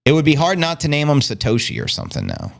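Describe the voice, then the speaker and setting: He talks quickly in a slightly high voice with vocal fry and pitch that swoops wildly. Hosting a casual livestream via a streaming setup, he comes across brash and playful, full of curses and invented slang.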